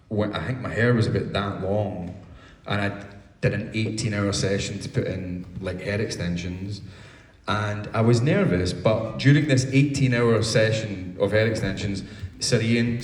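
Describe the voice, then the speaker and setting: A man answering fans' questions at a convention panel, telling lively anecdotes with casual swearing. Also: lowish voice. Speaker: guest actor answering fan questions. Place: large convention hall. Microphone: distant from the recording device. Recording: roomy hall sound, distant mic.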